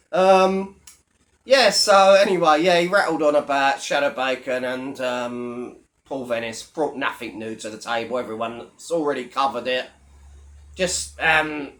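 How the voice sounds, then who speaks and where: A man's voice: fairly high pitch, a bit bright. A man giving a blunt, mocking commentary on a video channel, swearing heavily as he rants. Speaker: YouTube commentator. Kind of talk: ranting commentary vlog.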